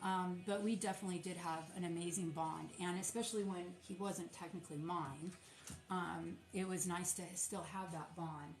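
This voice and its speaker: A woman's voice: on the low side, steady tone, normal speed, a little mellow. A woman who runs a small soap business, chatting casually and rambling with many fillers while packing orders on a livestream. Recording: roomy sound with music behind.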